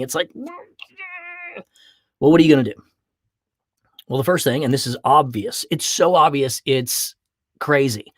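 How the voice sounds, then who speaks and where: A man hosting a podcast, giving an animated motivational talk and slipping into acted voices for quick examples. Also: medium pitch, dry recording, studio quality. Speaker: podcast host.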